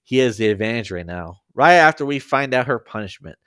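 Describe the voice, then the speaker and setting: A man's voice: medium pitch, expressive, a little fast, fairly bright tone, clean tone, no room sound, clean studio sound, close to an everyday voice. A man reading aloud, voicing a careless, blunt teenage girl who teases and jokes. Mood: teasing. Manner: blunt, teasing, laid-back.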